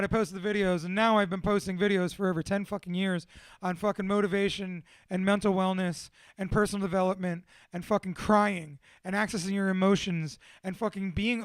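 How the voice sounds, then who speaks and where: A young man with a high, forceful voice speaks candidly to a small audience about his past. He swears freely, mocks himself and laughs often. The sound is dry and close, with no room echo. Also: clean tone. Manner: profane, self-deprecating, laughs often. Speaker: motivational speaker.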